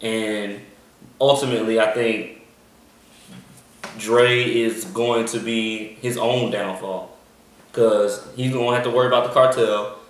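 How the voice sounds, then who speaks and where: A man's voice: lowish voice, steady tone, unhurried, long pauses, slight background noise. A man co-hosting a casual TV review chat, rambling with lots of ums and restarts. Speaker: podcast co-host. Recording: echoey room, mic far off.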